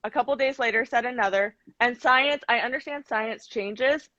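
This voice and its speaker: Woman, bright tense voice, emphatic and scornful, dry lo-fi sound. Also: a little high, moderate pace, no room sound. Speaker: podcast co-host. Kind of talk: live-stream discussion.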